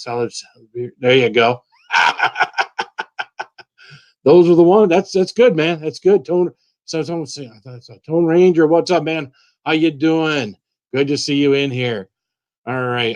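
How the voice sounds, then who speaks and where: A man hosting a casual live stream, greeting viewers one by one by name in a relaxed, chatty way. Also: mid-range voice, dull audio.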